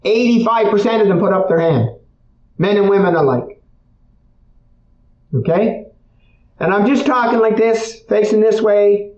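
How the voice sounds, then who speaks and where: A man's voice: high voice, unhurried, long pauses, a little mellow. A man speaking to an audience in a conversational storytelling way. He repeats his points and often checks in with "okay?". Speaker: speaker on emotional healing. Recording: echoey, dull room sound.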